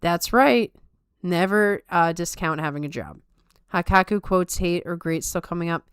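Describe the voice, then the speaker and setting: A woman's voice: lowish voice, moderate pace, smooth, no room sound, studio quality. A young adult woman hosting a podcast in casual, rambling chat, joking at herself with a playful Valley Girl lilt. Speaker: podcast host.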